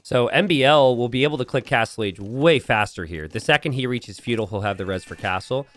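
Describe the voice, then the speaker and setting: A man of ordinary pitch commentates on a strategy game match live. He explains the map and each player's plans in an analytical, easygoing way. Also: brisk, fairly bright tone.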